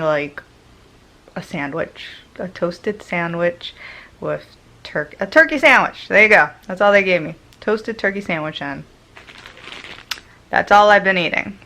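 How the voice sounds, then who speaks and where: A woman's voice: medium pitch, lively intonation, a little slow, pauses often, a bit bright, rough recording. A woman vlogging casually, chatting to the camera and giving her dog short commands and cheerful praise. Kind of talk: casual vlog chat. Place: store, then at home in bed.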